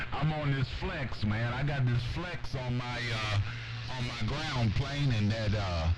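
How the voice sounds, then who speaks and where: A man's voice: mid-range voice, slow, pauses often, over loud music, low-quality recording. A man from Virginia chatting over CB radio in a laid-back, drawling way. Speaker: CB radio operator. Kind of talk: CB radio chat.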